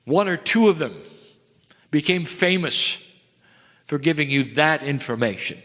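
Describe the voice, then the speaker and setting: A man giving a slow, earnest channeled spiritual talk, pausing between phrases, recorded in a lecture hall. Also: on the high side, animated, fairly bright tone.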